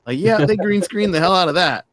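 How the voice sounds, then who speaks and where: A man's voice: high voice, a little fast, no echo. Laughing man co-host, dry sound. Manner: laughs often, animated storytelling. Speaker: podcast co-host. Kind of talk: casual chat.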